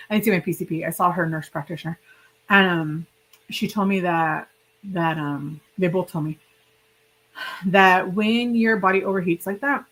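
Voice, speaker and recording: A woman with a slightly low voice rambles chattily to her stream viewers. She is sick and hiccuping, talking straight to her audience in a loose, casual way. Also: poor audio. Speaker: livestream host. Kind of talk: casual livestream chat.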